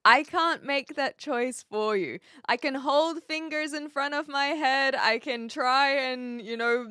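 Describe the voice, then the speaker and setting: A woman's voice: high voice, slow, pushed and bright, dry recording, studio quality. A woman from New Zealand with a light Kiwi accent, chatting casually with viewers on a live stream, laughing often as she answers their messages.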